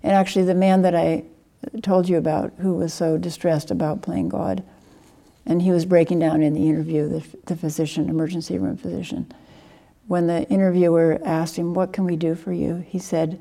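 Low, mellow-voiced woman giving a dharma talk. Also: steady tone, normal speed, gravelly. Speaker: Buddhist teacher.

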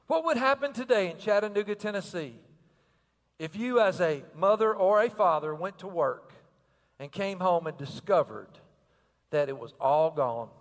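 A man's voice: sits high, lively intonation, normal speed, long reverb tail. An older man preaching a sermon with energy and rhythm, asking the crowd questions and repeating phrases. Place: church sanctuary.

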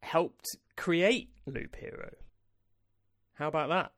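A man's voice: fairly high pitch, slow, fairly bright tone, dry recording, clean studio sound. A man hosting a casual podcast, enthusiastic and jokey as he introduces guests. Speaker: podcast host.

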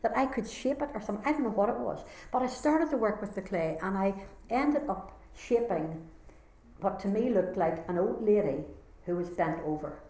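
A woman's voice: medium pitch, lively intonation, normal speed, mellow. A woman with a Northern Irish accent giving an earnest, heartfelt personal testimony as a conference speaker. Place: conference hall. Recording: echoey hall sound.

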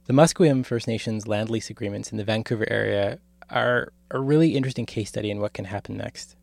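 A man hosting a podcast, speaking in measured, reflective scripted narration. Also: lowish voice, gravelly, darkish tone, no room sound. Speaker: podcast host.

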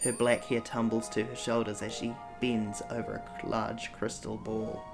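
A man's voice: on the low side, completely flat delivery, normal speed, gravelly, music in the background. A man co-hosting a podcast, reading a choose-your-path story aloud in a playful, joking way between chat. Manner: playful, often breaks into laughter. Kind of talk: casual chat and playful read-aloud narration.

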